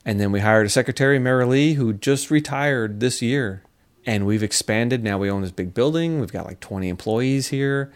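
A middle-aged man, a scientist and speaker, talking casually in an interview and telling lively stories. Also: medium pitch, moderate pace, clean tone. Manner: animated storyteller, acts out quotes, laughs often.

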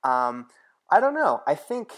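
A man's voice: on the high side, sing-song, unhurried. A man talking as a guest in a casual interview, easygoing and hesitant, with frequent chuckles and fillers. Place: California.

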